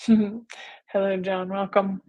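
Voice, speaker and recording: Slow, breathy woman host, laughing often. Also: mid-range voice, flat delivery, warm tone, highs cut off. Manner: laughs often, greets viewers by name. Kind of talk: casual live-stream motivational talk.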